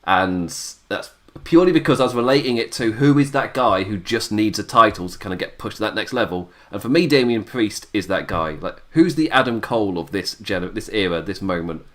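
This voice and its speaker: A man's voice: fairly low pitch, expressive, brisk, few pauses. An English man hosting a wrestling review podcast, talking casually and laughing often. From England. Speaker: podcast host.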